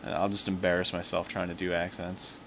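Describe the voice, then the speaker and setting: A man's voice: deep voice, little pitch movement, normal speed, a bit bright, slight background noise. A man hosting a casual livestream, talking playfully and rambling with a chuckle, into a desk mic. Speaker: livestream host.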